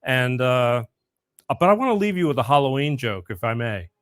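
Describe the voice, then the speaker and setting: A man's voice: medium pitch, sing-song, brisk, fairly bright tone, clean tone, no room sound, studio quality. A middle-aged man hosting a podcast, chatting casually and rambling a bit. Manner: rambling, self-interrupting. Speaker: podcast host. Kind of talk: casual chat, telling a joke.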